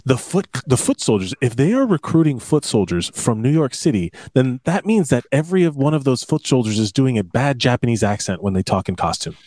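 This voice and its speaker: A man's voice: mid-range voice, big pitch swings, fairly quick, few pauses, a little mellow, no room sound, clean studio sound. A man co-hosting a podcast, talking about movies in an emphatic, opinionated way. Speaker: podcast co-host. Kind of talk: casual movie chat.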